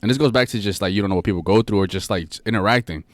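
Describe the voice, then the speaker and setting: A man's voice: fairly low pitch, very fast, dry recording, studio quality. A man co-hosting a casual podcast, telling stories earnestly and repeating his points. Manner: earnest, repeats phrases, rambling storyteller. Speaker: podcast co-host. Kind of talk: casual chat.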